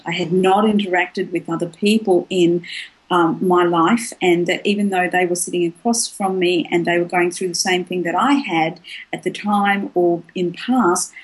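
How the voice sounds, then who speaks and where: A woman with a husky, breathy voice, pitched a little low. She speaks frankly and at length as an interview guest, telling her story with frequent laughter. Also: rough recording. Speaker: author and clairvoyant guest. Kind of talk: candid personal storytelling in an interview.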